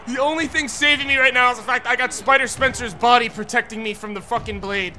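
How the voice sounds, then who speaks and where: High, bright-voiced ranting streamer man. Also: quick pace, hardly any pauses, a little hiss or hum. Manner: profane, exasperated ranting, frequent shouting. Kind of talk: live gameplay commentary.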